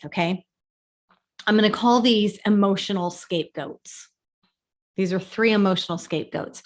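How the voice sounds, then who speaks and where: A woman life coach talks through a lesson in an earnest, emphatic way, stressing her main points by saying them twice. Her voice sits at an ordinary middle pitch. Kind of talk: teaching talk to camera.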